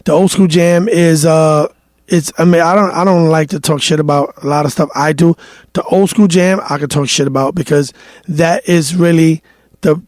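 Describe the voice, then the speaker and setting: New man in his thirties, high-pitched, dry close mic; animated guest storyteller. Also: no room sound. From New York. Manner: animated storyteller, acts out quotes, swears freely. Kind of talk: casual interview storytelling.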